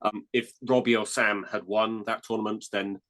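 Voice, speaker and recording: A man guesting on a podcast, casually giving quick, opinionated explanations as a reviewer. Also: on the low side, flat delivery, fairly bright tone. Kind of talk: casual chat.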